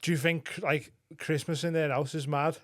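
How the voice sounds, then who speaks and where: A man's voice: fairly high pitch, little pitch movement, normal speed. Laughing male podcast co-host. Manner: laughs often, self-mocking. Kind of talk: casual comedy chat.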